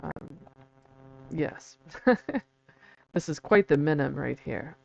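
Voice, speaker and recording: Speaking slowly with vocal fry, a video host walks through a casual explainer in an expressive mid-range voice. He reads passages aloud, spells words out letter by letter and chuckles between points with self-deprecating chatter. The sound is muffled, with slight hiss or hum.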